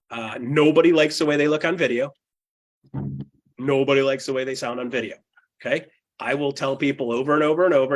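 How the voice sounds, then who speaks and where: A man coaching real estate agents in a fast, punchy teaching talk, acting out client dialogue and often adding a quick "okay?" or "right?". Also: mid-range voice. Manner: fast and punchy, with frequent tag questions.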